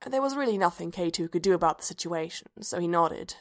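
A woman narrating a story aloud in a calm, even voice. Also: lowish voice, fairly quick, hardly any pauses. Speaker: story reader. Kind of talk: scripted narration.

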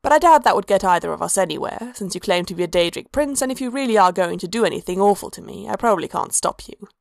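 A wry, sharp-tongued dark elf woman, as a woman reader puts her on, dry and knowing in a storybook reading. The voice has a gravelly, creaky grain and sounds close and dry. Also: mid-range voice, lively intonation, quick pace, dry recording. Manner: dry, wry delivery, slightly above her narration.

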